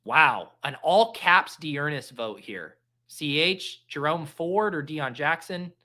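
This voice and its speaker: Bright-voiced jokey fantasy football host. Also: male voice, on the high side, lively intonation, slow. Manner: rambling, jokey, self-deprecating. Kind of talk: casual live-stream draft chat.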